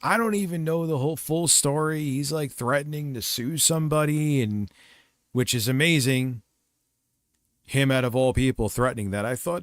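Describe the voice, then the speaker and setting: A man's voice: mid-range voice, moderate pace, no room sound, studio quality. A man hosting a livestream who comments casually, rambling, crude and mocking. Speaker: livestream host.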